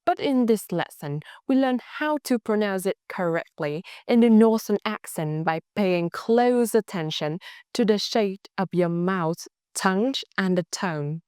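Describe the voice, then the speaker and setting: A woman with a Northern Vietnamese accent, a native Vietnamese speaker, teaching pronunciation slowly and carefully and modeling sounds for learners to repeat. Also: mid-range voice, expressive, darkish tone, clean tone, no echo, clean studio sound. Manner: slow and deliberate, models sounds for repetition. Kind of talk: slow, careful pronunciation lesson.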